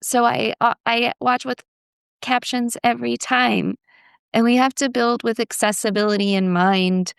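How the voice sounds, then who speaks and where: A woman's voice: a little high, fairly even intonation, creaky, smooth, dry recording, studio quality. A young woman hosting a podcast, talking earnestly with lots of fillers in casual conversation. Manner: earnest, filler-heavy, with halting phrasing. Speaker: host.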